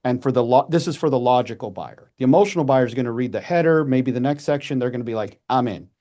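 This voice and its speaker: Podcast guest, man in his 40s, warm mellow tone, chatty and animated, restarts often. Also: medium pitch. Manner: animated, with quick restarts and acted-out asides. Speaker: podcast guest, messaging coach. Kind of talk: casual conversational advice.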